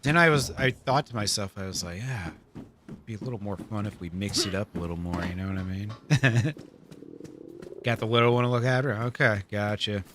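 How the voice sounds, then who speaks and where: A man's voice: lowish voice, a little fast, background noise. A man live-streaming a survival game, chatting casually with his viewers, laid-back, laughing often and swearing freely.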